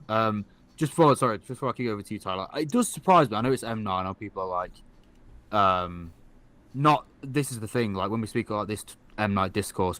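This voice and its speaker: Fast-talking low-voiced male podcast host. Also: fairly bright tone. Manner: quick, chatty, hands off to others. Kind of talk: casual film review chat.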